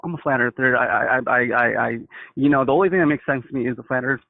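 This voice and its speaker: A man's voice: mid-range voice, fast, vocal fry, dry recording. A first-time male caller, eager and stammering, calling people "bro" and "dude". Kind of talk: casual phone call. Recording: phone line.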